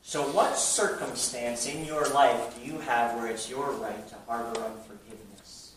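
A man preaching a sermon to a church audience, shifting between a hushed voice and loud bursts. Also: medium pitch, measured pace, slight background noise. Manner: animated preaching, drops to a hush then bursts loud. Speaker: pastor. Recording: very echoey hall, mic at a distance.

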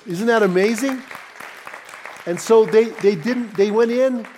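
A pastor in the middle of a sermon, his voice sitting a little higher than most men's. He tells stories to his congregation in an animated, personal way and builds them up with rising excitement. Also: measured pace, pauses often, some chatter behind. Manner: animated, personal anecdotes told warmly to a congregation. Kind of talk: sermon storytelling.

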